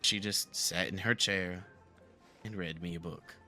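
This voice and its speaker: A man playing a talkative southern gentleman from the bayou, with a Southern twang, rambling earnestly through a live game roleplay. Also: low-pitched, fairly even intonation, a little slow, faint music behind, heavily acted. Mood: reminiscing.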